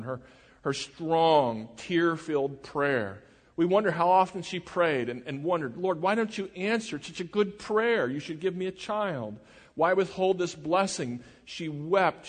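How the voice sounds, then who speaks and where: A man preaching a sermon in an earnest, measured way, often dropping his voice low for emphasis. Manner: earnest, measured preaching with dramatic drops in volume. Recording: reverberant hall.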